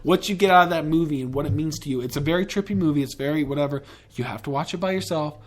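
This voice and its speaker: A man's voice: on the high side, racing. A man hosting a podcast in a casual, rambling and profane way, with enthusiastic tangents. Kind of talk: casual chat.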